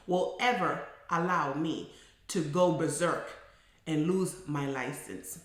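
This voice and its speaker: A middle-aged woman, a psychotherapist, telling a story in a casual monologue, emphatic and animated, building to forceful declarations. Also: deep voice, takes it slowly. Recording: very echoey room.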